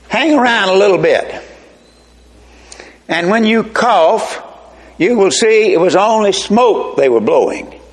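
A pastor preaching a sermon slowly and emphatically, with folksy asides. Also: male voice, high-pitched.

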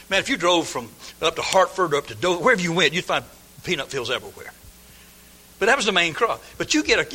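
A man's voice: on the high side, bright, forceful tone, slightly rough. A man preaching a folksy, emphatic sermon, sometimes mimicking his listeners' excuses. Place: church sanctuary. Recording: long hall reverb.

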